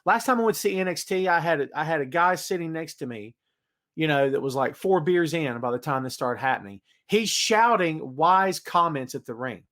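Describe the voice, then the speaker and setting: A man's voice: a little high, normal speed. A man hosting a solo wrestling podcast, ranting with energy and reading out chat comments. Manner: animated ranting, hypes predictions, reads chat comments. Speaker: podcast host. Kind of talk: solo live-stream wrestling talk.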